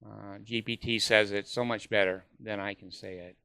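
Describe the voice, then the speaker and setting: A man's voice: lowish voice, steady tone, normal speed, gravelly, pushed and bright, clean tone, dry recording, studio quality. A man vlogging in a rambling, hesitant way, full of fillers and casual swearing.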